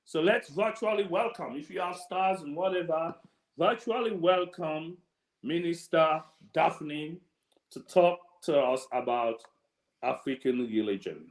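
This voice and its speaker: A man with a Sierra Leonean accent hosts an online event, telling anecdotes in a chatty way. His voice sits a little high. The sound has a roomy echo. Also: measured pace. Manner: chatty, anecdotal, laughs often. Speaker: event host. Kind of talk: casual hosting on a video call.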